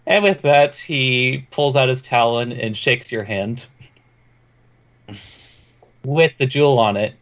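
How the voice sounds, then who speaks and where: A man's voice: medium pitch, slow, long pauses. A man in a tabletop game narrating his own character in the third person, in a chatty way. His voice sits mid-range for a man and comes through a dull, lo-fi mic. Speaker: player.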